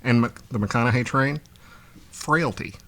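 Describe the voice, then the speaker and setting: A man's voice: medium pitch, unhurried, fairly bright tone, poor audio. A man guest on a podcast, chatting bluntly and with strong opinions. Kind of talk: casual chat.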